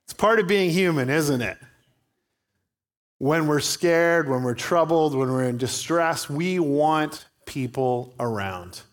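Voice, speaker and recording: Slow, earnest male pastor preaching. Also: on the high side, expressive. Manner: storytelling, earnest, emphatic. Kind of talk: sermon.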